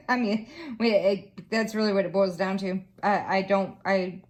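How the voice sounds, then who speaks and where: A woman's voice: mid-range voice, steady tone, unhurried. A woman, chatting casually to a camera on a stand while she crafts, rambling and swearing freely. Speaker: craft vlogger.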